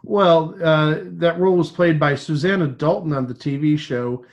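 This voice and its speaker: A man's voice: a little high, moderate pace, highs cut off. A man co-hosting a casual podcast chat, making wry joking asides. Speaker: podcast co-host. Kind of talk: casual chat about old TV.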